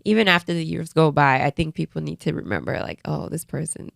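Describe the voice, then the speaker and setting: A woman's voice: deep voice, expressive, fast, creaky, no echo, clean studio sound. A young woman co-hosting a podcast, chatting openly and confidingly and acting out what people said to her. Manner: open, confiding, acts out quoted remarks. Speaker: podcast co-host. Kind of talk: casual chat.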